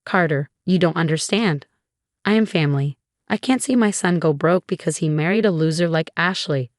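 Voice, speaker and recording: A woman voicing a meddling, scornful older mother-in-law in a storybook reading, with an even, flat delivery. The voice is low-set and the sound is dry. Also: moderate pace, no room sound, close to an everyday voice.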